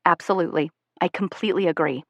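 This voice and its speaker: An earnest young teacher in an audiobook, voiced by a woman. He talks quietly and carefully, a little apologetic. The recording is dry and close. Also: on the low side, quick pace, gravelly, no room sound, muffled recording. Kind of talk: audiobook character voice.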